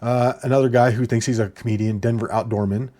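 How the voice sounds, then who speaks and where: A man's voice: medium pitch, fairly even intonation, fast talker, mellow. A man giving casual reaction commentary on viewer comments in an exasperated, sarcastic, ranting way.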